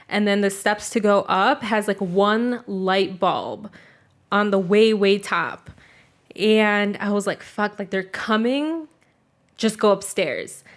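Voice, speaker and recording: Casual young woman telling a story. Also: mid-range voice. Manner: casual storytelling, frequent "like", swears freely. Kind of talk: casual chat.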